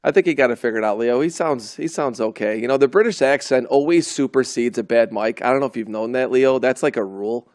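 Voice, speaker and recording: A man's voice: medium pitch, brisk, hardly any pauses, darkish tone, no room sound, clean studio sound. A man hosting a live trading show, bantering and joking with his guests before turning to the charts. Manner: jokey, bantering, hesitant restarts. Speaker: host.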